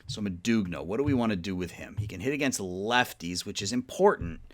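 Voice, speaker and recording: Man, low-pitched, drowsy let's-play commentator mulling roster moves out loud. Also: animated, a little fast. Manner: thinking aloud, sleepy, yawning often; mutters trade talk to the game's teams. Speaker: gaming YouTuber playing a baseball management sim.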